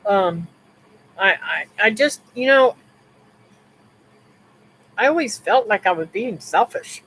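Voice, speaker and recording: A woman chats on her live stream, telling a long personal story in a loose, rambling way. She restarts her sentences, turns aside to her viewers and drops in religious remarks. Her voice sits at a middle pitch over a faint hum of ambience. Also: lively intonation, slow pace, a bit bright, low-quality recording.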